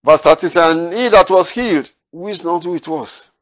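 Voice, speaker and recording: A man preaching verse by verse through a Bible passage, acting out the people in the story and growing loud on key lines. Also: fairly high pitch, normal speed, no room sound. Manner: animated, acts out quoted voices with rising loudness. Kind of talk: Bible teaching.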